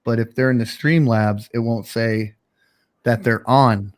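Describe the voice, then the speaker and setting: A man's voice: medium pitch, steady tone, measured pace. A man hosting a casual livestream chat, telling a story in a rambling, laid-back way with lots of fillers. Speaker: streamer host.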